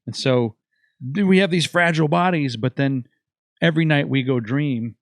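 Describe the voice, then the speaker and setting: Man, podcast host, casual chat, halting, dry close sound. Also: a little high, no room sound. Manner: musing, halting, many restarts.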